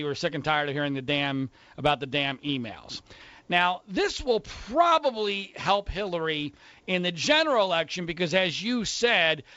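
Man, talk radio host, opinionated, sarcastic, high pitch, dry muffled studio. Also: bright, forceful tone, no echo.

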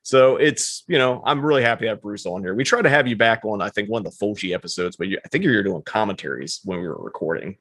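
A man's voice: fairly low pitch, fast, hardly any pauses, a bit bright, no room sound, clean studio sound. A man hosting a podcast, chatting casually and swearing now and then. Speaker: podcast host.

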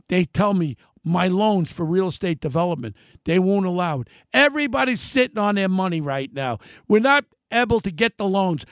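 An older man delivers a heated political monologue as host of his own show. His voice sits high and rough with fry, and he shouts, then sinks to a near murmur. The sound is dry and close. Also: dry recording. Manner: ranting, shouting at times, then dropping low. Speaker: radio and podcast host.

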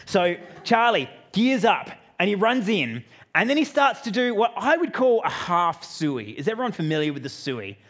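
Higher-voiced Australian man preaching. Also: normal speed. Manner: lively, joking asides to the audience. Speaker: pastor. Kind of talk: storytelling sermon.

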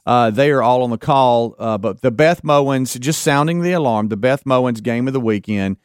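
A man's voice: mid-range voice, moderate pace, clean tone, no echo, clean studio sound. A man hosting a radio show, giving time checks and a sports plug in a loose, informal way full of fillers. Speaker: radio host. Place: radio studio.

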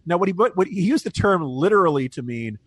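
On a political talk podcast, this male co-host and commentator chats wryly and keeps laughing at his own jokes. He speaks fast in a high, sing-song voice that's slightly rough, and the recording is dry.

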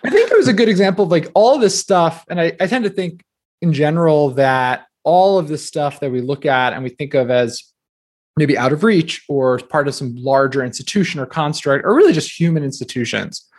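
Guest spot: man in his 30s from new jersey, fairly high voice, talkative and loose, lots of fillers. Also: expressive. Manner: chatty, quick, filler-heavy with many "like"s. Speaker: guest author. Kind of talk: casual podcast interview.

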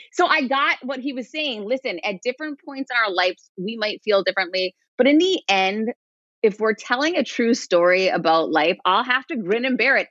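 A middle-aged woman, an author and podcast guest, telling stories in an animated way and acting out what others said. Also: a little high, dry recording. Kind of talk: conversational storytelling. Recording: dull lo-fi dry sound.

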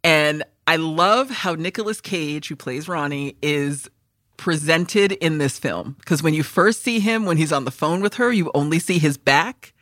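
A woman co-hosting a podcast, chatting casually about a film and loudly acting out its lines with lots of swearing. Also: sits low, unhurried, no echo, clean studio sound. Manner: animated, swearing, acts out film lines in loud voices. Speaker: podcast co-host. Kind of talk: casual movie chat.

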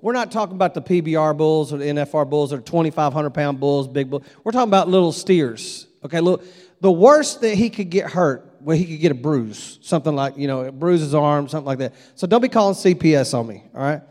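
A man's voice: fairly high pitch, animated, a little fast, a little mellow. A middle-aged man preaching a conversational, storytelling sermon at a revival. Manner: folksy, conversational, acts out voices in his stories. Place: church sanctuary. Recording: long echo of a church hall.

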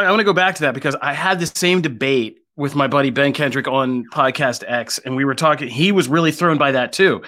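Bright, animated man retelling scenes. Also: medium pitch. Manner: animated storyteller, acts out quoted lines. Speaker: podcast co-host. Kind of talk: casual podcast review chat.

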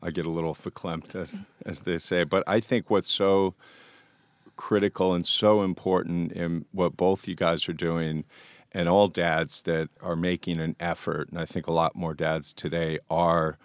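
A man giving deliberate, emphatic commentary as an interview guest. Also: low-pitched, little pitch movement, no echo.

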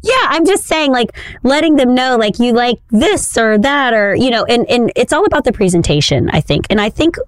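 A woman's voice: a little high, sing-song, normal speed, few pauses, no echo, studio quality. A woman co-hosting a podcast, chatting casually and playfully and laughing often. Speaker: podcast co-host. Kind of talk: casual chat.

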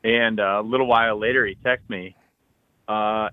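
A man co-hosting a podcast, telling an excited hunting story full of acted-out quotes and loud bursts. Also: lowish voice, moderate pace, smooth, no echo, phone-quality sound. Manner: animated, loud bursts, frequent "like", acts out texts and quotes.

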